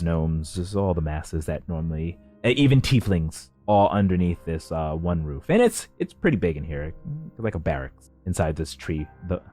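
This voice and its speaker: Low-voiced man narrating as game master. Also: darkish tone, no room sound. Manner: halting, many fillers and restarts while describing scenes.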